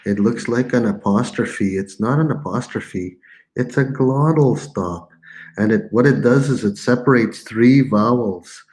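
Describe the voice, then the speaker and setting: A man teaching a live language lesson, patiently repeating words slowly for learners, with playful teasing asides. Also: medium pitch, a little mellow. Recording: echoey room.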